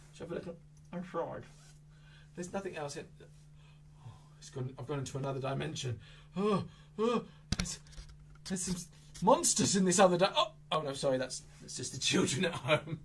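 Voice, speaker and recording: A children's magic show entertainer with a bright, forceful voice that leaps all over the place. The patter is silly and exaggerated. It swings from loud squeals to hushed asides. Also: mid-range voice, very animated, normal speed, pauses often, slight background noise.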